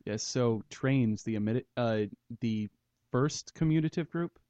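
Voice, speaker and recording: A man's voice: medium pitch, a little slow, mellow, no echo, highs cut off. A man hosting a casual math podcast, rambling through ideas and making puns. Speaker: podcast host. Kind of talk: casual chat about math.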